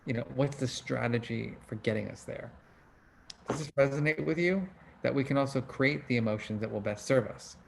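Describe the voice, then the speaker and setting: A man's voice: mid-range voice, normal speed, creaky, a little hiss or hum. A middle-aged man hosting an online book club over a video call, teaching in a casual, conversational way and asking his audience questions. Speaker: book club host and emotion researcher.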